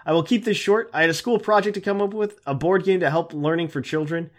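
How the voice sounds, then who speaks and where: A man with a somewhat high voice co-hosts a relaxed podcast. He laughs a lot and reads listener emails aloud, stumbling over words with frequent fillers. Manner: laughs often, halting reading with fillers. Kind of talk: casual chat.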